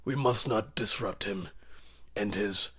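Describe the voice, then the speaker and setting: A deferential male inmate speaks in a lowered, hushed, mock-formal voice, like a servant addressing his lord, as a comedian puts him on. The voice sits well below the performer's usual pitch and sounds a little distant. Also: takes it slowly, husky, full character voice. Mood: solemn. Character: fawning male inmate speaking like an old courtier.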